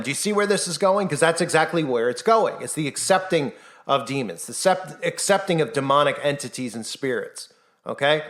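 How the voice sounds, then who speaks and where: A man's voice: a little high, lively intonation, brisk, a bit bright. A man talking to camera on his own channel, urgent and insistent, firing off rhetorical questions and acting out the voices he quotes. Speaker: Christian YouTuber. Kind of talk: impassioned monologue.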